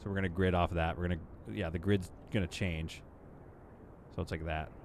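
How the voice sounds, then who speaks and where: A man's voice: low-pitched, fairly even intonation, a little fast, a little hiss or hum. A man streaming live gameplay, chatting casually to his viewers and to the game as he builds. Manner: chatty, talks to the game and to chat, playful asides.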